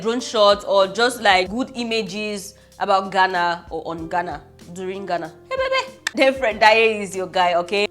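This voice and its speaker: A young Cameroonian woman with a Cameroonian accent, telling travel stories in a casual vlog, animated and laughing as she acts out what people said. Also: medium pitch. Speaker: travel vlogger. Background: soft background music.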